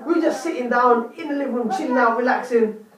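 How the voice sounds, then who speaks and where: Animated storytelling man in an echoey room. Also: very high-pitched, fast talker, recorded from a distance, a crowd in the background. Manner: animated, dramatic retelling with repeated "lo and behold". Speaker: vlogger. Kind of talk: casual storytelling to camera.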